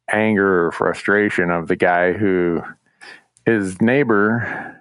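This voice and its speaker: A relaxed man co-hosting a hunting podcast, talking in easy, loose conversation. His voice sits on the low side and the sound is dry and close, with no room around it. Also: no room sound. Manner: laid-back, chuckles often. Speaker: podcast co-host. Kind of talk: casual chat.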